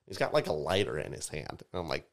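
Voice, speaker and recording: Deep-voiced man, casual podcast guest, animated storyteller, from Tampa. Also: quick pace, vocal fry. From Tampa, Florida. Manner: animated storyteller, voices rise sharply in quoted outbursts. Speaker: podcast guest, DJ and music producer.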